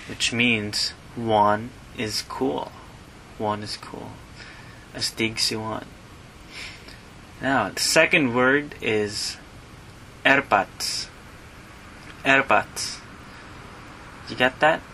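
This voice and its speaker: Man, slow teaching delivery, bright tone, repeats each word, um and uh fillers. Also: mid-range voice, a little hiss or hum, poor audio. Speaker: language teacher. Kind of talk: slow teaching of slang words.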